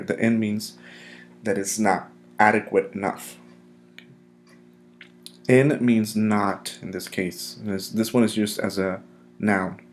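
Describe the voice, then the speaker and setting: A man teaching a recorded English vocabulary lesson, drilling pronunciation with clear, emphatic repetition. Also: on the low side.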